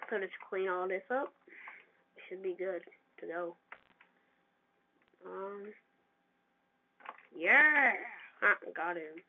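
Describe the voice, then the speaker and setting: A gamer giving casual, excitable commentary over their own gameplay and trash-talking opponents. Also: mid-range voice, slow, long pauses. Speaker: gamer narrating own play. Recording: tinny lo-fi mic with faint hiss.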